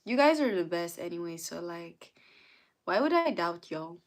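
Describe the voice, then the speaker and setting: A woman's voice: fairly low pitch, very animated, normal speed. A young woman hosting a casual live stream, chatting, greeting viewers by name and answering their comments. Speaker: livestream host.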